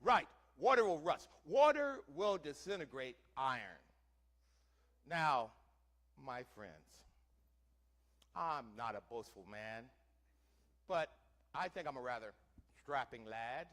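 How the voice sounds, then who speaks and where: Man, living-history reenactor, theatrical, quizzes the crowd, bright voice, very animated pitch. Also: slow, pauses often. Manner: theatrical, quizzing the audience with questions. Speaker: living-history reenactor playing a wagon teamster. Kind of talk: first-person historical interpretation to a live audience. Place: church hall, before an audience.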